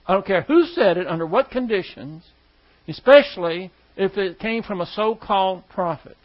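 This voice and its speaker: A man's voice: high-pitched, moderate pace. A man preaching a sermon to his congregation, conversational and full of questions to the room. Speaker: pastor. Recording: dull lo-fi church recording.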